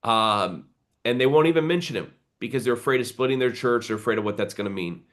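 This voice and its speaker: A man's voice: mid-range voice, fast talker, fairly bright tone. A man who is a pastor, speaking earnestly on a live video call and building to a preacher's exhortation.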